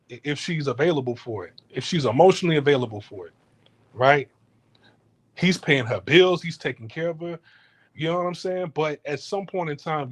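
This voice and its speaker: A man's voice: fairly high pitch, breathy edge. Profane heated man ranting. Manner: profane, heated, repeats and restarts words. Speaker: podcast host. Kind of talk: casual ranting monologue. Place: home in Houston.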